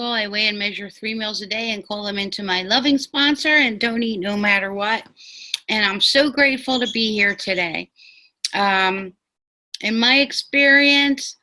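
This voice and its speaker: A woman's voice: a little high, bright, forceful tone, poor audio. A woman giving an upbeat, grateful share at a support meeting over a video call. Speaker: meeting member sharing. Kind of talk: twelve-step share.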